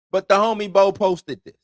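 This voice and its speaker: A man's voice: high voice, dry recording, studio quality. A man hosting an entertainment news show in loose, slangy casual commentary, chuckling between points.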